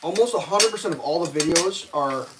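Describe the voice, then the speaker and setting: A man tells a long, rambling story on a live stream, his voice sitting a little high and loose. He swears freely and jumps into a raised voice when he quotes people. Faint frying and sizzling can be heard behind him. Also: lively intonation, brisk, noisy background. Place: home kitchen while cooking.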